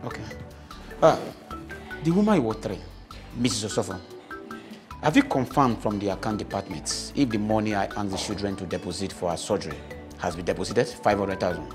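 A man's voice: fairly low pitch, lively intonation, brisk, pauses often, music in the background, natural voice. A man playing a curt commanding Nigerian doctor. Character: callous, commanding hospital doctor. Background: film score.

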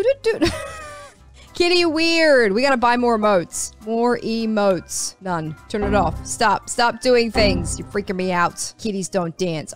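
A young woman casually commenting on her own play in an online game, chatty and playful, talking to the other players. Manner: squeaky sing-song voice when chasing players. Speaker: gaming streamer.

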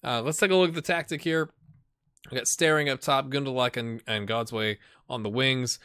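A man gives casual let's-play commentary in a bright, pushed-forward voice, joking with his viewers and mumbling asides as he goes. The sound is close and dry, with no room around it. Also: medium pitch, fairly even intonation, normal speed, clear, resonant tone, no room sound. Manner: chatty, self-mocking, jokes and muttered asides. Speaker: gaming channel host.

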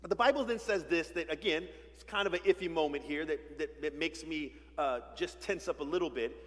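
A man's voice: a little high, a little fast. A male pastor preaching a sermon in a conversational way, full of rhetorical questions and playful asides, in a church sanctuary. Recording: long reverb of a church sanctuary.

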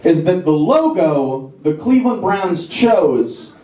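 Warm and sing-song, a high male voice carries a self-deprecating stand-up routine in front of a live comedy club audience. He's wry and jumps into quick voices for jokes, while the club echoes and the crowd laughs.

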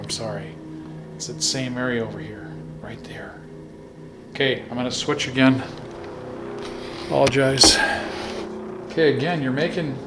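Hushed ghost-hunting man calling out. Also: mid-range voice, very noisy. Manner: hushed, often whispering, calling out to spirits. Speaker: paranormal investigator. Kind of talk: ghost hunting vlog commentary. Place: cold dark basement of an old hospital.

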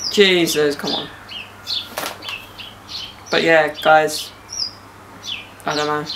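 Gravelly young man, joking. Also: on the high side, noisy background. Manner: joking banter with slang. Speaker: podcast host. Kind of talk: casual podcast chat. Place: outdoors in a garden.

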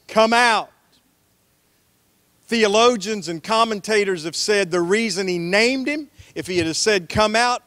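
A man's voice: high voice, no echo. Man, pastor preaching, storytelling sermon, acts out quotes, dry close mic.

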